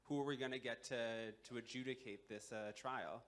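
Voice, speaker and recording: Brief: man playing a smug folktale snake, flat and blunt in his own voice. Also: mid-range voice, moderate pace, close to an everyday voice. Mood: deadpan. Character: smug, matter-of-fact male snake.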